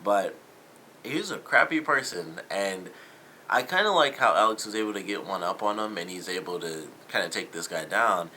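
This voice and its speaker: A man's voice: deep voice, lively intonation, normal speed, bright, forceful tone, slight background noise, poor audio. A young man talking casually through a TV episode review, rambling with many fillers and loosely quoting the characters. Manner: rambling, lots of fillers and paraphrased quotes.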